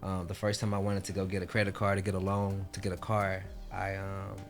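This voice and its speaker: A man's voice: low-pitched, monotone, a little fast, faint music behind. A man hosting an interview, reacting with short affirmations and then reflecting on his own story.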